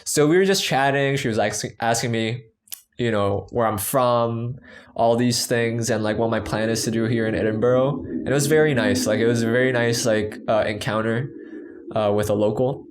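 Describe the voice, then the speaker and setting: A man's voice: medium pitch, normal speed. A young man co-hosting a casual chat, telling a rambling travel story with many fillers. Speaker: podcast co-host.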